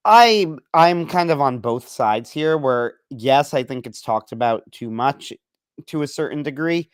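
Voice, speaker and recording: A man's voice: medium pitch, measured pace, clean tone, dry recording. A man co-hosting a podcast, ranting in a rambling, joking, casual way. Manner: rambling, animated, self-deprecating joker. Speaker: podcast co-host.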